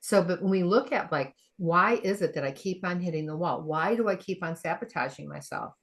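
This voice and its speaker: A middle-aged woman, a functional medicine practitioner, telling a story in an animated way, acting out the quoted dialogue and laughing often. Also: fairly low pitch, fairly quick. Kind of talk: conversational storytelling.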